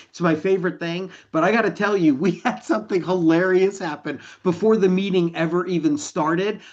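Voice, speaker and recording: A man, a company leader, telling an animated story to an online meeting and acting out the dialogue. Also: sits high, highs cut off. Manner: energetic, enthusiastic, acts out dialogue.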